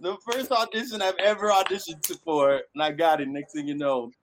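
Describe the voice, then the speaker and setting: A man from Miami who is an actor, telling a lively story and acting out the voices of the people in it. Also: a little high, a little fast, noisy background. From Miami, United States. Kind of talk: animated storytelling.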